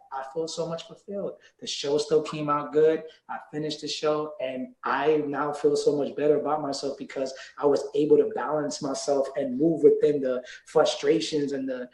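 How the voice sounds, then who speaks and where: A man's voice: on the high side, a little mellow, echoey room, poor audio. A man, a rapper guest in an interview, talking casually and laid-back, swearing freely with many fillers.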